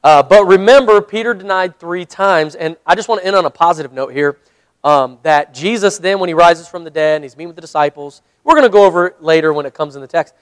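A man's voice: fairly high pitch, quick pace, clean tone, no echo. A man, a pastor, leading a Bible study, reading scripture aloud and explaining it in a conversational way.

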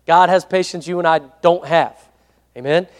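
Male pastor, high voice, chatty sermon, asks for amens, reverberant church hall. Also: moderate pace. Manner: conversational preaching with frequent amen prompts.

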